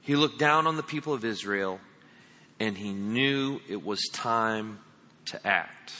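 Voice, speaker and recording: A man's voice: on the low side, expressive, slow pace, pushed and bright. A man preaching a sermon as pastor, talking emphatically and calling his listeners friends. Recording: long reverb of a large hall.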